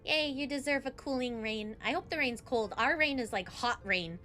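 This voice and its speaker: A woman's voice: high-pitched, moderate pace, pushed and bright, soft background music. A young adult woman streaming a game, chatting casually and giggling, saying "like" a lot.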